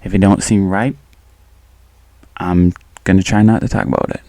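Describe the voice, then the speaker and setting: A man's voice: low voice, steady tone, moderate pace, a little mellow, no room sound. A young man from the Midwest hosting a casual solo podcast, joking and laughing at himself and going off on tangents. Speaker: podcast host.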